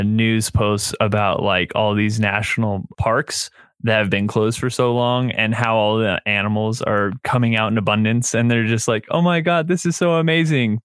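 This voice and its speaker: A man's voice: lowish voice, fairly bright tone, smooth, no room sound, clean studio sound. A man co-hosting a horror movie podcast, chatting in an easygoing way and laughing often. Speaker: podcast co-host. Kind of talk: casual chat.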